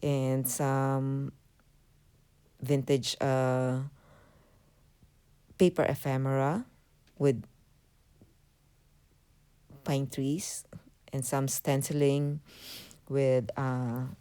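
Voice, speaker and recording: A woman's voice: a bass voice, flat delivery, extremely slow, long pauses, mellow, clean tone. A woman hosting a craft channel, giving a hesitant casual voiceover full of fillers as she walks through her project. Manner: hesitant, many fillers, apologetic. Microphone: voiceover mic.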